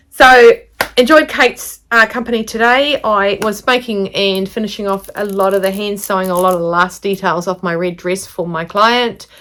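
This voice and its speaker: A woman's voice: on the low side, fairly bright tone. Rambling, chatty woman craft vlogger. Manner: rambling, chatty, full of ums. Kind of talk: casual sit-down chat to camera.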